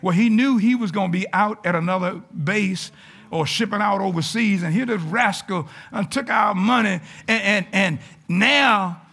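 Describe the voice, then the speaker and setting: A man, a pastor, preaching a folksy, animated sermon to his congregation in church, sometimes rising to shouts. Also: high-pitched, moderate pace. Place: church sanctuary.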